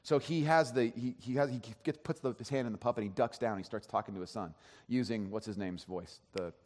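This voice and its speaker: A man's voice: mid-range voice, quick pace, darkish tone, a little hiss or hum. A man giving a sermon as pastor, telling a story in a conversational way with frequent restarts. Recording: long hall reverb.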